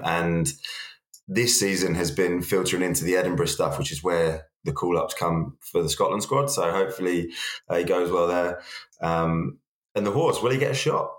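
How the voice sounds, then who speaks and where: A man co-hosting a casual rugby podcast, relaxed and jokey, with plenty of fillers. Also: low voice, reverberant. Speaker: podcast co-host.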